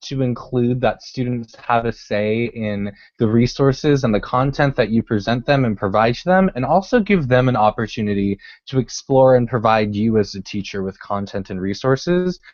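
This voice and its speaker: A man on an online panel giving steady, earnest remarks. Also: mid-range voice, moderate pace, hardly any pauses, no room sound. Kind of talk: prepared remarks on a call. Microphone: video call. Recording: dry lo-fi video call audio.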